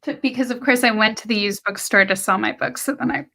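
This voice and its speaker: Young woman host, slightly high voice, chatty, laughs a lot, video call. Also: fast talker, gravelly, pushed and bright. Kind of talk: casual video-call chat.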